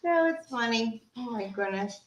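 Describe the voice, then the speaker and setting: A woman's voice: fairly high pitch, expressive, normal speed, roomy sound. A woman co-hosting a casual talk show, chatty and full of questions. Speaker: co-host. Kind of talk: casual chat.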